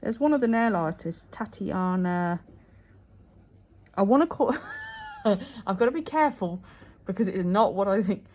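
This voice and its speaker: A woman's voice: medium pitch, animated, measured pace, darkish tone. A woman doing a client's nails at home, chatting casually with dry, teasing banter. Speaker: nail artist and channel host. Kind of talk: casual chat while working.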